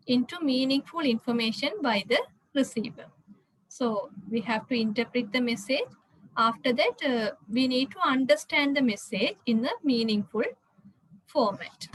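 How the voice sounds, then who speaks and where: Woman lecturer, high pitch, halting delivery full of fillers, slide-lecture read. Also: low-quality recording. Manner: hesitant, frequent "uh" fillers and restarts.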